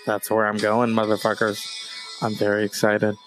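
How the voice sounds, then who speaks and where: A man's voice: fairly low pitch, monotone, moderate pace, fairly bright tone, faint music behind. A man hosting a podcast, chatting casually in a rambling, profane way and swearing freely. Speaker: podcast host. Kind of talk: casual chat.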